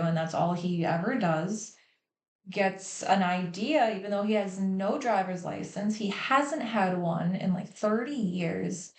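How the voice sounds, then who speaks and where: A woman hosts a livestream, speaking candidly and emotionally about her family and swearing freely. Her voice is fairly low and a little mellow, recorded in an echoey room.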